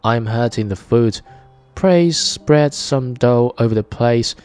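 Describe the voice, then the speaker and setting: A man's voice: mid-range voice, slow, darkish tone, clean tone, faint music behind, close to an everyday voice. A man voicing a cunning, hungry male wolf who coaxes and threatens, reading a fairy tale aloud. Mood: demanding.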